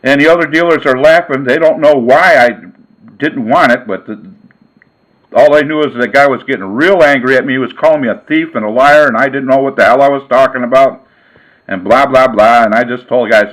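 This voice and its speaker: A man and sports card vlogger telling a casual story in a folksy, relaxed way. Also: mid-range voice, fairly quick, low-quality recording.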